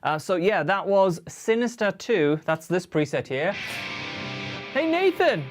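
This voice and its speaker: A man's voice: sits high, a little slow, music in the background. Chatty man hosting a livestream. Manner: chatty and upbeat, greets viewers and reads chat aloud. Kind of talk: casual live-stream chat.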